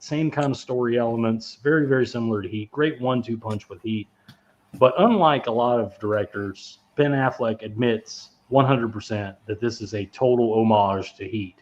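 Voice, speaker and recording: A man talks through a movie in a loose, rambling way, cursing often and laughing at his own stories. His voice sits a bit low. The recording sounds dull and lo-fi. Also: darkish tone. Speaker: podcast co-host. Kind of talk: casual movie review chat.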